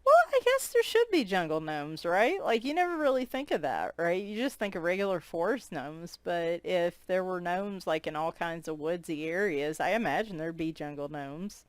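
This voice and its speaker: A woman's voice: fairly low pitch, expressive, moderate pace, hardly any pauses, dry recording. A woman chatting casually as she flips through a coloring book, amused and giggling as she comments on each picture.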